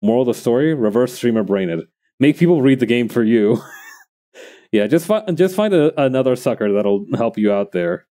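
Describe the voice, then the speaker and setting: A man's voice: medium pitch, lively intonation, moderate pace, mellow. A man streaming while he crafts, chatting casually and thinking aloud to his viewers in a rambling way.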